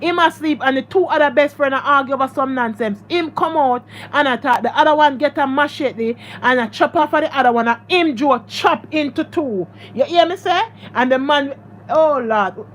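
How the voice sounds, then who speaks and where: High-voiced Jamaican woman venting to viewers. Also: slight background noise. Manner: emphatic and repetitive, addressing viewers directly. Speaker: vlogger. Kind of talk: emotional storytime vlog.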